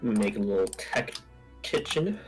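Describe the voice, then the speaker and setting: A man's voice: fairly low pitch, very animated, measured pace, over loud music, rough recording. A man hosting a casual gaming chat, playful and giggly as he builds and jokes. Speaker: server host building in game.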